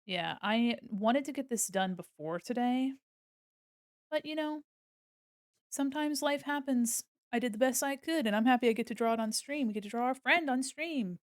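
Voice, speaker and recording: A woman's voice: a little high, moderate pace, no room sound, studio quality. A young woman chatting casually to her viewers while drawing on a live stream, giggly and self-deprecating. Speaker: art streamer.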